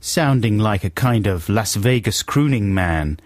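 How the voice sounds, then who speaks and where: Lively, low-voiced radio host. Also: male voice, a little slow, no echo. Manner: jokey, teasing, laughs often. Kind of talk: playful radio banter. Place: radio studio. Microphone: studio microphone.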